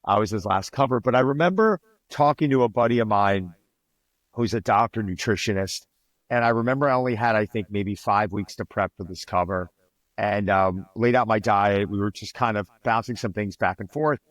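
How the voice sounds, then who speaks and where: A man's voice: fairly low pitch, normal speed, no room sound. A man, a fitness trainer guest on a podcast, telling stories in a casual interview and acting out quoted dialogue. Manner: animated, acts out quoted dialogue.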